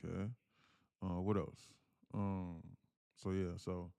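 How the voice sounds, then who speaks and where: Young male day-trading streamer, low gravelly voice, chatty, dry close sound. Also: level tone, slow, dark tone, no echo. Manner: chatty, thanks viewers, switches to a higher put-on voice when reading comments. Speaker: day trader streaming live. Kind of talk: live trading commentary.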